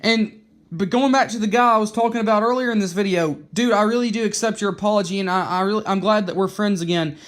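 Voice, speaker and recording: High-voiced man in a profane, heated rant. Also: fast talker, fairly bright tone. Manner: heated, profane, repeats and restarts words. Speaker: vlogger. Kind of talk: angry rant to camera.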